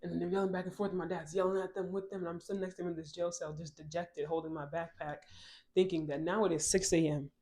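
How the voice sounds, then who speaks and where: A woman from Ghana tells a personal story straight to camera in a casual vlog. She speaks in an animated, emphatic way and wanders off on side tangents before coming back to her story. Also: lowish voice, fast talker. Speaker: vlogger.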